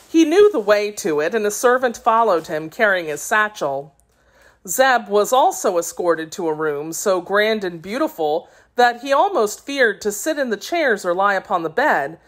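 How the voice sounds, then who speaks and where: Expressive woman reading a storybook aloud. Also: mid-range voice. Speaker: audiobook reader. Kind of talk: scripted narration of a children's classic.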